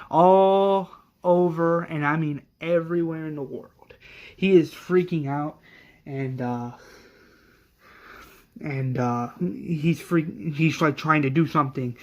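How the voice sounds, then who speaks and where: Slow, rambling male storyteller. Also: a little high, lo-fi sound. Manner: rambling, many fillers and restarts. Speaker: fan series creator retelling an episode. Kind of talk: casual story retelling.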